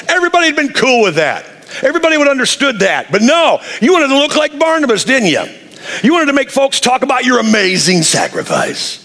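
A preacher in full sermon mode, animated and playful, dropping into acted voices for the figures he quotes. His voice sits high for a man and carries a gravelly edge. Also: quick pace. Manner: animated, jokey, acts out quotes. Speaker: pastor.

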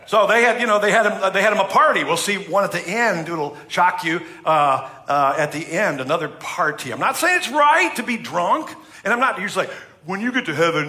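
A man's voice: sits high, pushed and bright. A middle-aged man from the United States preaching a sermon in a chatty, humorous way, acting out what people say. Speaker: pastor.

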